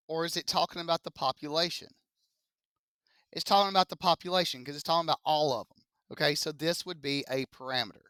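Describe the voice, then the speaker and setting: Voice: mid-range voice, sharp tone, smooth, no room sound, studio quality. A young-adult math teacher, giving a chatty classroom statistics lecture, quizzing students and adding joking asides.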